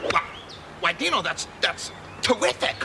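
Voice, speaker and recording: An actor playing a zany, hyper goofball comic who squeaks and yelps. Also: male voice, big pitch swings, normal speed, gravelly, heavily acted. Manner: squeaky, yelping. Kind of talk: sitcom acting. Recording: noisy TV recording with studio laughter.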